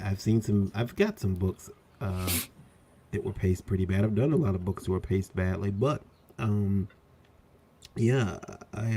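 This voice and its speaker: A low-pitched man with a warm, mellow tone talks haltingly about his comics. He pauses often and fills the gaps with "um" and "uh". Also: breathy edge. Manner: hesitant, with many fillers. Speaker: comic book creator on a panel. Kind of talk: casual panel talk.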